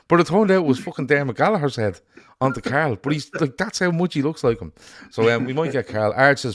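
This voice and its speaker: A man with an Irish accent co-hosting a casual football chat, blunt and sweary in an animated rant. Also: medium pitch, quick pace. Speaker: podcast co-host.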